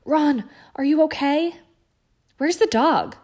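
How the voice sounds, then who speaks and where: A woman reading aloud voices a furious thirteen-year-old boy wizard who spits taunts and shouts. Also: very high voice, slow pace, pitched above the performer's own voice, full character voice. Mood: urgent. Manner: angry, spitting taunts, shouting.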